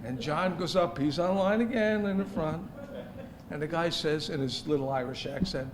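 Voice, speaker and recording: A man's voice: fairly high pitch, normal speed, a little hiss or hum. A man at a gala telling a jokey, teasing story about a friend's travels. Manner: jokey, teasing anecdote with laughs. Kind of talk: storytelling toast. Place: banquet hall at an evening gala.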